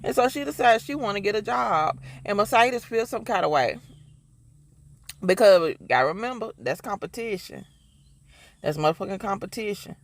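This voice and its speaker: A man with a Mississippi Southern accent talks through a TV episode in a loose, cussing, emphatic ramble. His voice sits high for a man. The sound is close and dry, with no room around it. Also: a bit bright, no room sound. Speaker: TV show reviewer. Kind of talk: casual review monologue.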